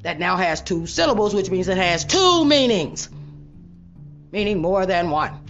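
A woman hosting her own show, talking straight to viewers in a blunt, profane, preachy monologue that rises into loud rants. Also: fairly low pitch, lively intonation, a little slow, highs cut off, soft background music. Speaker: online show host.

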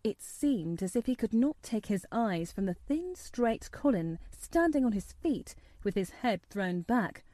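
A woman narrating a storybook in a measured, steady reading voice. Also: medium pitch, dry recording. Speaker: audiobook narrator.

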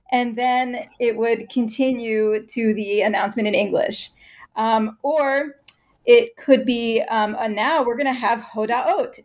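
A woman speaking as an expert guest in an interview, explaining fluently and giving concrete examples. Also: fairly high pitch.

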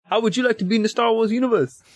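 A man putting on a New Zealand accent to play a breezy filmmaker pitching a movie role. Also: very fast, no echo. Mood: cheeky. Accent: New Zealand, put on.

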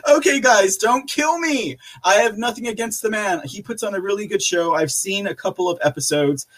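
A man's voice: high voice, normal speed, a bit bright, slightly rough. A man hosting a live podcast, reading out viewer chat in a casual, rambling way with lots of fillers and frequent laughter. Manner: chatty, rambling, laughs often, many fillers. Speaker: podcast host.

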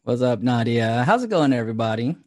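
A man's voice: mid-range voice, animated, a little fast, a little mellow, dry recording. Male podcast co-host, easygoing and profane, frequent laughs, dry booth sound. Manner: laid-back, laughs often, swears casually. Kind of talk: casual chat.

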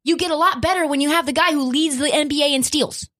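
A woman's voice: high-pitched, fast, fairly bright tone. A woman hosting a sports podcast, giving opinionated commentary in an emphatic, swearing, ranting way.

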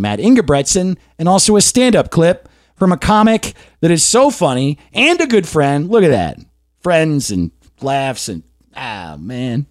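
A young man telling a funny story on his podcast, his voice swinging up and down as he acts out the people in it. His voice sits a little high for a man. The sound is close and dry, with no room around it. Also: darkish tone, dry recording. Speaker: podcast host. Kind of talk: casual storytelling.

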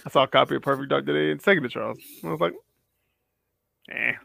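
A man's voice: medium pitch, fast talker, creaky, sharp tone. A young man co-hosting a casual gaming podcast chat, laid-back and dry, blunt and profane in his remarks. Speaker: podcast co-host.

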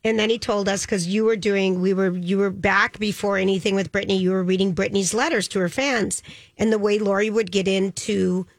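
Brisk woman radio host, dry studio sound. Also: mid-range voice, fairly even intonation, no room sound. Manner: brisk, steers the show. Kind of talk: casual radio chat.

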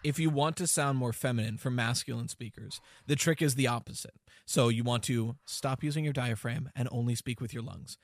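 A man's voice: medium pitch, fairly quick, hardly any pauses, no echo, studio quality. A man hosting a podcast, explaining things in a loose, rambling casual chat with lots of fillers. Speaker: podcast host.

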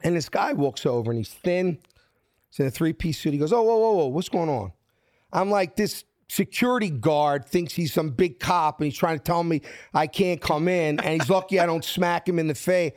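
A man tells a story from his youth in an animated, street-smart way. He slips into different voices for each person he quotes. His voice sits a little high, and the sound is close and dry. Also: moderate pace, no room sound. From South Philadelphia. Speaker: guest. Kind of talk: casual storytelling.

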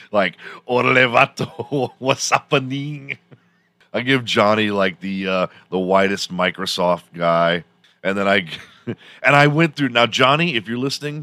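A man's voice: deep voice, pushed and bright, no echo. A man hosting a podcast, telling a rambling story in a casual, profane way and laughing often as he goes. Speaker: podcast host.

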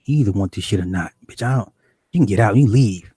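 A man voicing a calm, tough gang leader who talks blunt and dismissive. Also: on the low side, fast talker, husky, no room sound. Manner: laid-back, blunt and dismissive.

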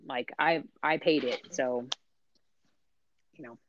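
A woman's voice: extremely low pitch, fairly even intonation, takes it slowly, highs cut off, slight background noise. A woman on a podcast panel, chatting casually and explaining things as she thinks aloud.

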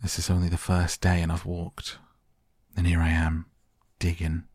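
A man's voice: sits low, monotone, moderate pace, darkish tone, dry recording, clean studio sound. A man reading as an imperious young master. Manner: imperious, giving orders. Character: proud, commanding sickly boy master.

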